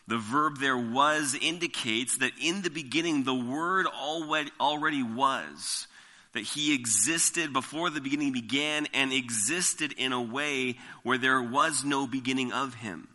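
A pastor delivers a sermon at an unhurried, deliberate pace, lingering on each phrase of scripture. His voice is strikingly bright and clear-toned. The sound carries a long reverb from a church sanctuary. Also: mid-range voice. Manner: slow, deliberate, emphatic reading of scripture. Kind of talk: expository sermon.

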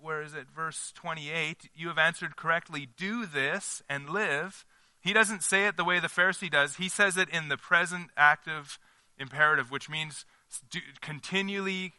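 A man's voice: a little high, fairly even intonation, normal speed, pushed and bright, clear, resonant tone, no echo. A man leading a small-group Bible study in a conversational teaching style, putting questions to the group and checking in with them.

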